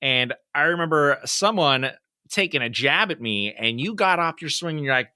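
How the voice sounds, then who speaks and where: A young adult man co-hosting a podcast, telling stories in a casual, animated way and acting out the voices in them. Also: fairly high pitch, moderate pace, clear, resonant tone, no echo, studio quality. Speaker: podcast co-host. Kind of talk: casual storytelling chat.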